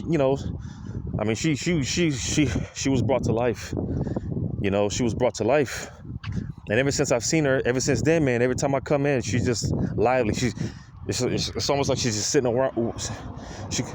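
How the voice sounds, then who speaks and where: A man talking to fellow men in a casual, rambling monologue, with many restarts and repeated "you know". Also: mid-range voice. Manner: repetitive, halting, lots of restarts and "you know". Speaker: speaker addressing fellow men. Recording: background street noise.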